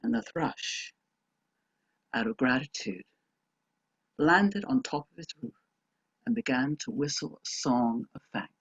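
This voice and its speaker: A woman telling a folk tale aloud, dramatic, moving between hushed and emphatic delivery. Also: low voice, very animated, measured pace, gravelly, pauses often, slightly rough, lo-fi sound. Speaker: storyteller. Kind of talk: oral folk-tale storytelling.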